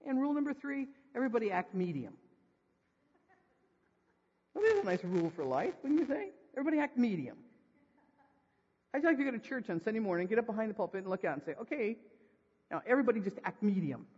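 High-voiced preaching man in an echoing church. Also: fast talker, long pauses. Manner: jokey, quizzes the congregation with rhetorical questions; animated, raises his voice for emphasis. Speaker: pastor. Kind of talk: sermon. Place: church sanctuary. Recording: long reverb, dull lo-fi sound.

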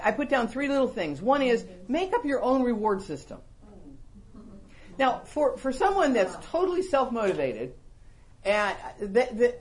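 A woman hosting a Christian talk show, chatting animatedly and often poking fun at herself. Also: on the high side. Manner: animated, self-mocking, laughs often. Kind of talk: casual faith-based talk show chat.

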